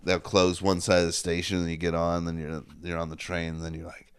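A man co-hosting a casual comedy chat, laid-back and swearing freely, now and then shouting out the reactions he quotes. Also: sits low, monotone, brisk, clean tone. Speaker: podcast co-host, comedian.

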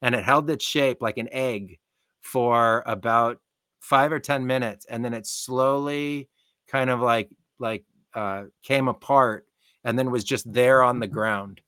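Excitable man telling a wild story. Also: mid-range voice, unhurried, clean tone, no room sound, studio quality. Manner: excitable, repeats "like" often. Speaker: podcast guest, shaman. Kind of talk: animated personal storytelling.

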